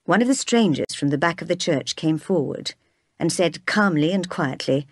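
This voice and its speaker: A woman narrates a storybook read-aloud, steady and clear. Her voice sits a little low. The sound is dry and close to the mic. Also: moderate pace, no room sound.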